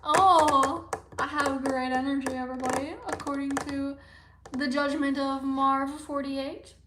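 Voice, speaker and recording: A woman's voice: high-pitched, flat delivery, measured pace, reverberant, background noise. A woman hosting a casual livestream, answering viewer comments in a playful, rambling way that keeps slipping into whispers. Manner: reads viewer comments aloud and answers them, often dropping into a whisper. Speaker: livestream host.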